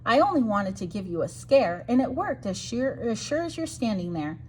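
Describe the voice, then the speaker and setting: A woman's voice: on the high side, very animated, normal speed, a little hiss or hum. A woman voicing a cheeky little gray male mouse in a storybook, teasing and playful.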